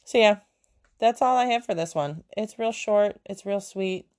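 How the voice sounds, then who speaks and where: A woman's voice: mid-range voice, measured pace, darkish tone. A woman in her thirties hosting a casual solo podcast at home, chatty and self-mocking, her mouth sore and her words a little slurred. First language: German. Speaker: podcast host. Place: home room with kids nearby.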